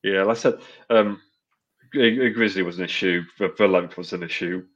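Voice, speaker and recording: A low-pitched man chats casually on a wrestling podcast. He is blunt and sweary and rambles with plenty of fillers. The audio is dull and lo-fi. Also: fairly even intonation, normal speed, a bit bright. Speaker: podcast co-host. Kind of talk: casual wrestling review chat.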